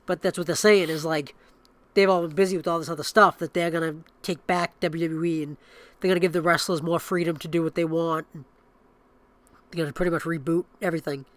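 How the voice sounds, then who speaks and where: A man's voice: a little high, fairly even intonation, fairly quick, a bit bright, no room sound. A man in his thirties co-hosting a podcast in casual chat, acting out quotes in raised voices. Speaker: podcast co-host.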